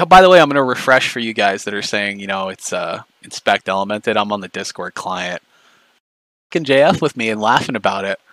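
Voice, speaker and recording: Forceful, profane man ranting on stream. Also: lowish voice, brisk, no room sound, rough recording. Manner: profane, mocking, confrontational. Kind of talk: angry livestream rant.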